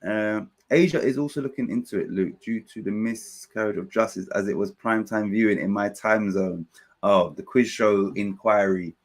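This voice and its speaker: Excitable man hosting a football watchalong. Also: on the low side, moderate pace. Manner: excitable, reads out viewer chat. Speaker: watchalong host. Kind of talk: live football watchalong commentary.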